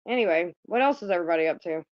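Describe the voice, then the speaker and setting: Casting: woman host, lively swooping voice, blunt and profane, casual chat, dry dull phone sound. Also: on the low side, very fast, no room sound. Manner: blunt and profane, chatting with viewers. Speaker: livestream host.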